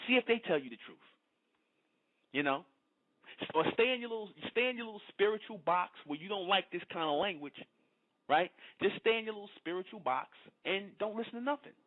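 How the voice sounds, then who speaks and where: A man's voice: high-pitched, expressive, a little fast. A man, delivering a preachy, confrontational monologue to his followers and asking again and again whether they understand. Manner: confrontational, repeats "you understand?". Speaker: online speaker addressing followers. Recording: phone-like lo-fi audio.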